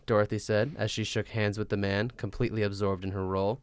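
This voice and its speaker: A man co-hosting a podcast, reading a story aloud and chatting, with a lively delivery and the odd stumble and laugh. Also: lowish voice, quick pace, hardly any pauses, clear, resonant tone, no echo, clean studio sound. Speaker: podcast co-host.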